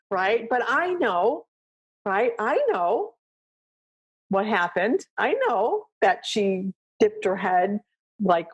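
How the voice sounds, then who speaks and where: A woman's voice: mid-range voice, breathy edge. Chatty woman dog coach, full of "right?". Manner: conversational, lots of "you know" and "right?", acts out little dialogues with her dog. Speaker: dog trainer and podcast host. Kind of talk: coaching talk, casual explanation.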